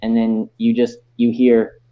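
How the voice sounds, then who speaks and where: Halting male game master, lo-fi sound. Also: medium pitch, monotone. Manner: halting, restarts phrases often. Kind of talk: narrating a tabletop game. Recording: dull lo-fi sound.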